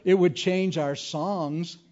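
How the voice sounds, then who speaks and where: Through a dull, lo-fi recording comes a high-pitched male voice at a slow pace. He's an evangelist preaching a funny sermon, animated and folksy, weaving jokes into his stories.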